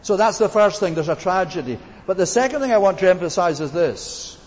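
A man's voice: sits high, lively intonation, fairly quick. A man preaching a sermon in an earnest, emphatic way, hammering home key words through repetition. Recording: long reverb in a hall, faint hiss.

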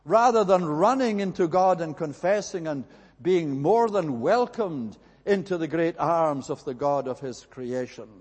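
A man preaching a sermon in a slow, measured way, stressing his points through repetition. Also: a little high, lively intonation, a little mellow, husky, long reverb tail.

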